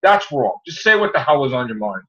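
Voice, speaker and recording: A man hosting a casual podcast, telling stories in an animated way and acting out the people he quotes. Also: medium pitch, fairly quick. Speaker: podcast host. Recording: muffled lo-fi audio.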